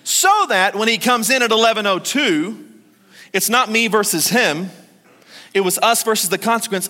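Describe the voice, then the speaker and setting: A man's voice: high voice, lively intonation, normal speed, pushed and bright, long reverb tail. A man in his thirties preaching a sermon as pastor, conversational and joking, acting out short quotes.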